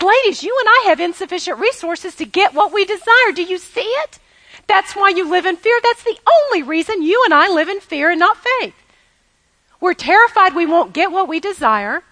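A woman's voice: extremely high pitch, pushed and bright. A woman preaching a sermon to a women's audience, emphatic and repetitive, calling on them to say lines back to her. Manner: emphatic, repeats key phrases, has the audience repeat after her; laughs now and then while preaching. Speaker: women's ministry speaker.

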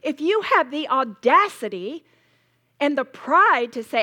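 A woman's voice: sits high, measured pace. A woman leading a live Bible study for women, talking with passionate emphasis and acting out little scenes. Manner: passionate, emphatic, animated storytelling with role-played demos.

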